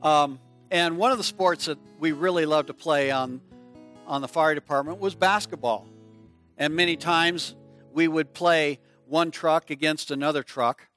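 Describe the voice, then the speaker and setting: A middle-aged man preaching, telling a personal story in an animated way and acting out screams and small voices. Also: a little high, a little slow, faint music behind. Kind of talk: storytelling sermon.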